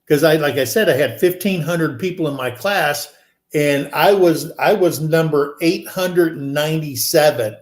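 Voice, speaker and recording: A man in his sixties, co-hosting a show, telling a rambling story and acting out the people in it with a raised voice. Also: a little high. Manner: animated, acts out quoted people in a raised voice; rambling with many fillers and restarts. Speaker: podcast co-host. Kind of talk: casual storytelling. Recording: echoey room.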